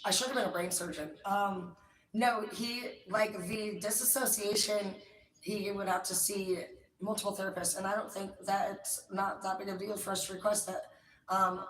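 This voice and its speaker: A woman's voice: medium pitch, a bit bright. Swearing, rambling woman in an echoey room. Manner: profane, swears constantly, rambling. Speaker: tarot streamer. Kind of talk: rambling casual monologue. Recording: echoey room, distant mic.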